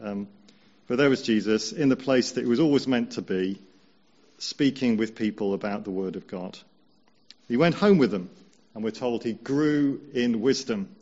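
A man preaching a conversational sermon, slowing down to stress key points. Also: medium pitch, warm tone, highs cut off. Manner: measured, conversational, slows down for emphasis.

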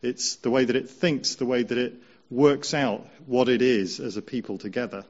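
A man preaching a conversational sermon, slowing down to stress key points. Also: mid-range voice, fairly even intonation, highs cut off. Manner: measured, conversational, slows down for emphasis.

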